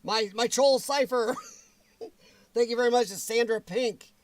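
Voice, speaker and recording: Chatty man hosting a livestream, higher voice. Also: unhurried. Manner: chatty, greets viewers by name, laughs often. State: strained, weakened voice. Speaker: livestream host. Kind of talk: casual chat.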